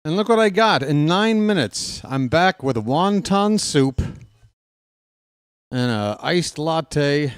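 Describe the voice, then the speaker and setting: A man's voice: on the high side, animated, slow pace, smooth, no echo, clean studio sound. A man hosting a casual live-stream watch-along, chatty and joking, reading chat aloud, out of breath.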